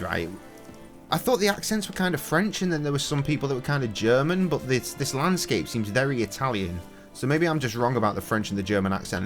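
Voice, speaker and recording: An English man in his thirties, streaming a game with sweary, jokey commentary and sudden loud outbursts. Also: mid-range voice, vocal fry. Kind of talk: casual gaming commentary.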